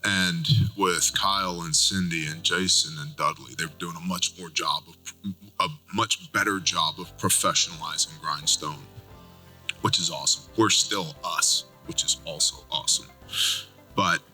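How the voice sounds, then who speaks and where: A man with a very deep, sharply bright voice talks reflectively in casual chat. His delivery is relaxed and unhurried. Soft music sits faintly in the background. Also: low-quality recording.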